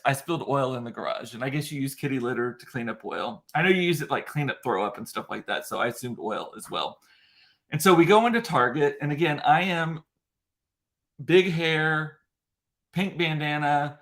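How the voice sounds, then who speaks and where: A middle-aged man, a podcast host, telling a story in casual chat, animated and swearing, acting out the voices of people he quotes. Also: fairly high pitch.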